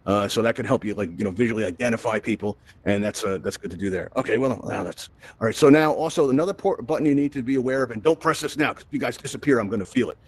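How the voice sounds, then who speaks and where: A quick, upbeat man from Brooklyn talks a virtual crowd through the controls, peppering his points with "right?". He speaks fast and the sound is dry and close, with no room echo. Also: medium pitch, breathy edge. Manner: chatty and upbeat, tags lines with "right?". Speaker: event host and VR instructor. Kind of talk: live presentation to a virtual audience.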